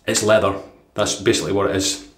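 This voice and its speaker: A man's voice: sits low, fairly even intonation, fast talker. A Scottish man from Dundee chatting casually through a product review, rambling with fillers and chuckles. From Dundee, Scotland. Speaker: shaving vlogger. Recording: echoey room.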